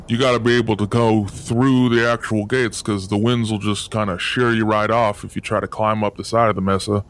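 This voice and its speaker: A man voicing a gruff, folksy male town steward who chews as he talks and rambles on. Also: fairly low pitch, a bit bright, lightly acted. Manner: drawling, rambling, chewing sounds. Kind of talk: tabletop role-play character voice.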